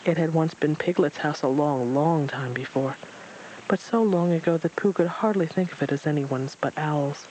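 A man reads a storybook aloud in a steady, expressive way. His voice sits a little higher than usual for a man. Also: normal speed, slight background noise, poor audio. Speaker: narrator. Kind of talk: storybook reading.

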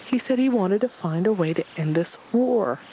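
A man's voice: high voice, lively intonation, moderate pace, dark tone, a little hiss or hum, pitched above the performer's own voice, low-quality recording. A man doing a tiny, peeping rabbit. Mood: timid. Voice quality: small, peeping voice. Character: tiny, timid young rabbit relation.

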